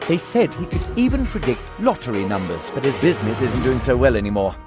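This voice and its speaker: Brief: male actor as a timid, eager-to-please game beggar; lively, slightly high voice, loud music behind. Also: fast talker, close to an everyday voice. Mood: helpful. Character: meek, naive male beggar in a junk-town sewer. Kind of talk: studio video game voice acting.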